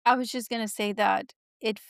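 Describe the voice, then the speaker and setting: A woman hosting a podcast, talking in a soft, reflective, rambling way with many fillers. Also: on the high side, fairly even intonation, moderate pace, gravelly, no echo, clean studio sound. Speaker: podcast host. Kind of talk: casual heartfelt conversation.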